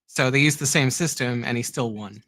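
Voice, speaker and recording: Bright, confident American man explaining. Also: medium pitch, a little fast, no room sound. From United States. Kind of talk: casual political chat.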